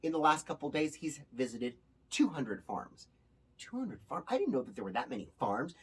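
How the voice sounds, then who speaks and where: A man's voice: on the high side, normal speed, husky. A male host giving casual spoken commentary to his viewers in an emphatic way, with a touch of sarcasm. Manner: animated, emphatic, sometimes sarcastic. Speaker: show host.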